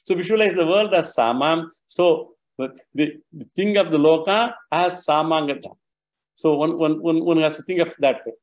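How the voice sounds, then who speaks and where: A man's voice: on the high side, moderate pace. A man giving a scripture lecture, explaining step by step with patient, repetitive phrasing and frequent restarts. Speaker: scripture teacher.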